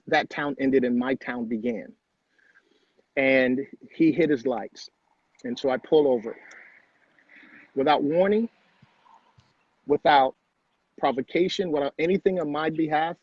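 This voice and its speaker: A middle-aged man speaks in a husky, somewhat high voice, telling his own story with earnest emphasis and repeated phrases. The sound is dry and close, with a dull, lo-fi home-recording quality. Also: darkish tone, dry recording. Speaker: guest. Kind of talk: personal storytelling in conversation.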